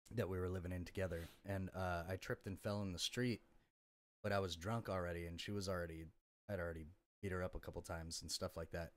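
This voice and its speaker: A young man in casual podcast conversation, telling his story bluntly with lots of profanity and fillers. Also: sits low. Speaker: podcast guest.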